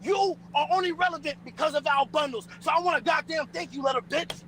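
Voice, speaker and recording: Man doing a shrill, bright, cocky wrestler heel who swears nonstop in trash-talk promos. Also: brisk, a little hiss or hum, poor audio. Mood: boastful threats. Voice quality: shrill put-on silly voice. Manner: profane trash talk, refers to himself by name. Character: brash foul-mouthed male wrestler, boastful and hostile.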